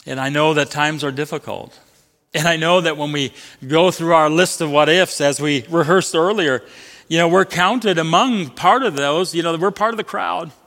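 Preaching man, bright voice, hall echo. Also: normal speed. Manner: swings between booming declarations and hushed quotes; leads congregation in call-and-response reading. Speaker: pastor. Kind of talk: sermon. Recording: long hall reverb.

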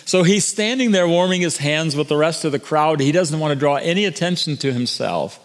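High-voiced preacher in a reverberant hall. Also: male voice, lively intonation, fairly quick. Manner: earnest preaching with frequent restarts and repetitions. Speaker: pastor. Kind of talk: sermon.

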